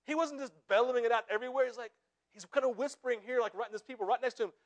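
A pastor preaching a conversational sermon, often checking in with his listeners with quick tag questions. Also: very high voice.

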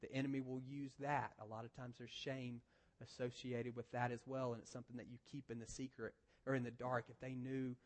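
A male pastor delivering a sermon at a medium pitch. He talks conversationally, often restarting a phrase before pressing the point home. His volume drops for quiet asides and rises for emphasis. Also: flat delivery, brisk.

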